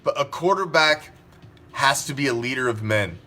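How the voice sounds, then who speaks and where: A man's voice: medium pitch, lively intonation, moderate pace, pushed and bright, faint music behind. A man hosting a sports talk show, ranting profanely and firing off rhetorical questions. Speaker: sports podcast host.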